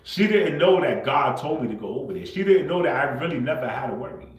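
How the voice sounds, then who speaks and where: A man hosting a livestream, talking unscripted and confrontationally, swinging between low muttering and loud outbursts. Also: animated, fast, roomy sound, poor audio. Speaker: livestream host.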